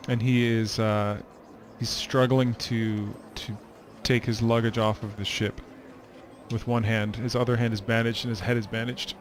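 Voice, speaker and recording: A man narrating as a game master, describing scenes in a relaxed, hesitant way with many ums. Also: on the low side, moderate pace, a little hiss or hum.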